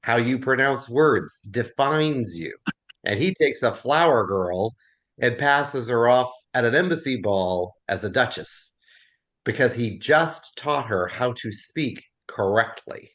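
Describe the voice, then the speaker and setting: A man's voice: mid-range voice, takes it slowly. A man with a Southern US accent leading a casual class discussion, telling stories and laughing often. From American South. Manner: animated storyteller, laughs often. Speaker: Bible class teacher.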